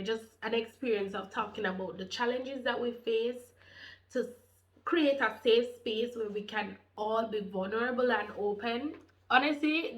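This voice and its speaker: A Jamaican woman in her thirties telling her personal faith testimony, animated and heartfelt, slipping into patois. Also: mid-range voice. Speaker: faith channel co-host.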